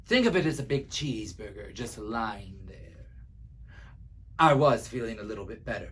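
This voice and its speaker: A man's voice: on the low side, breathy edge. A man reading a children's story aloud as an easygoing male wolf who tells his own side in a chatty, wry, confiding way. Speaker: library storyteller.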